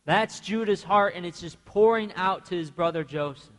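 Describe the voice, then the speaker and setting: A man's voice: high voice, moderate pace, a bit bright. A man preaching a sermon in a church, passionately acting out the people in the story he tells. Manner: impassioned, acts out biblical speakers. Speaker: pastor. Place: church sanctuary. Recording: church sanctuary with long reverb.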